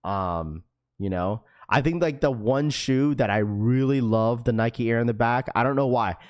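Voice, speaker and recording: A young man hosting a live stream, chatting casually with viewers in an energetic, slangy, talkative way. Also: medium pitch, normal speed. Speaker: livestream host.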